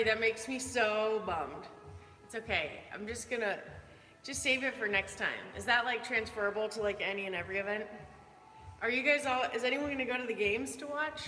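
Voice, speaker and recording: A chatty young woman leads a live workout, greeting viewers one by one in a bright, forceful voice. Her voice rings through a big reverberant gym, with soft music playing underneath. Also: on the high side. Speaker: fitness coach leading a live workout. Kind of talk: live-stream chat while coaching. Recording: roomy hall reverb. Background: faint background music.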